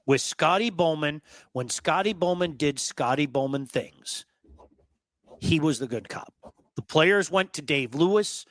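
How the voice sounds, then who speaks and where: A man hosting a sports talk show, telling stories in an emphatic, animated way and repeating words for effect. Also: on the high side, measured pace, no echo. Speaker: sports radio host.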